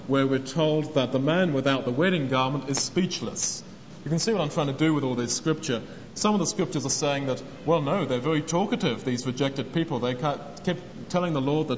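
Man, preacher, earnest sermon, acts out quotes, fairly high voice, long hall echo. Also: normal speed. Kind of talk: sermon on a parable. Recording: long hall reverb, dull lo-fi sound, faint noise.

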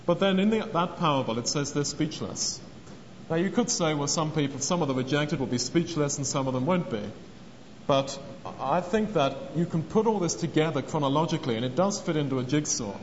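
Preaching earnestly on a parable, he performs the voices of those he quotes, his pitch a little high and his pace brisk. The sound is dull and lo-fi, with a long hall reverb and faint background noise.

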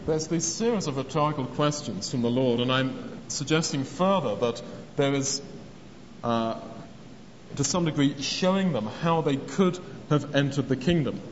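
A man preaches a sermon on a parable, earnest and acting out the people he quotes, in a medium-pitched, animated voice at normal speed. The recording has long hall reverb, a dull lo-fi quality, and faint noise.

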